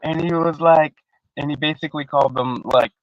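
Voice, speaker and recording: A man's voice: on the high side, brisk, dry recording, muffled recording. A man in casual live-stream panel chat, rambling and profane, with lots of slang and restarts, on a video call. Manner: restarts often, animated.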